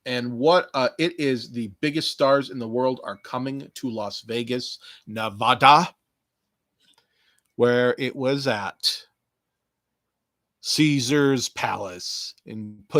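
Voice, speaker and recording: A man's voice: medium pitch, takes it slowly, long pauses, fairly bright tone, no echo. A man hosting a casual solo podcast, rambling and joking with plenty of swearing, talking to listeners who aren't there. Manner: profane, jokey, talks to imagined listeners. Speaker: podcast host.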